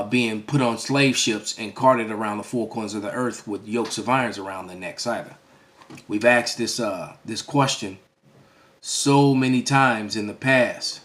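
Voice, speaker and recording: Brief: a religious teacher in an emphatic, preachy lecture; a man with a middle-pitched voice who checks in with "all right?" and restarts phrases. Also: fairly bright tone. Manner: restarts and stammers mid-phrase.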